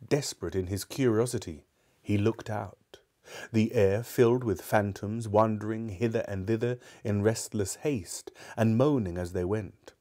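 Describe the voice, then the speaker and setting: A man narrating a classic novel aloud in a measured, expressive way. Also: on the low side.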